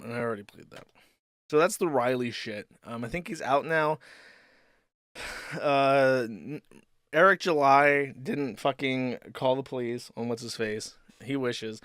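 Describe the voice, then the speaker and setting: A man's voice: medium pitch, fairly bright tone, no room sound, studio quality. A man hosting a livestream, talking in a sardonic, profane, rambling way. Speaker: streamer host. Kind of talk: livestream commentary.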